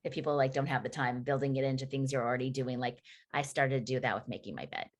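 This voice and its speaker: A woman's voice: a bass voice, fast. A woman hosting a casual video call, chatty and loose with her words. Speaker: host.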